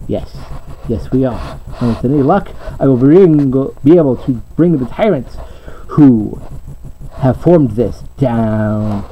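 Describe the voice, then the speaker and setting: A man playing a stern, hushed masked ranger. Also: animated, slow, slight background noise. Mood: grim. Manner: low, quiet and terse. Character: stern male masked ranger, grim patroller. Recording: slightly muffled home recording.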